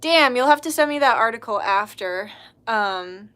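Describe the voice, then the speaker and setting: A woman talking in a casual, rambling livestream chat as a spiritual channeler, full of fillers and excited exclamations. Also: fairly high pitch, moderate pace.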